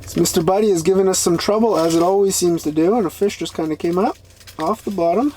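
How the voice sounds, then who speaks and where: A man talking casually to camera while ice fishing on a frozen lake, breaking into excited exclamations. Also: sits high, fast, a little hiss or hum. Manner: excitable, bursts into loud exclamations. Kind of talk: casual outdoor vlog commentary.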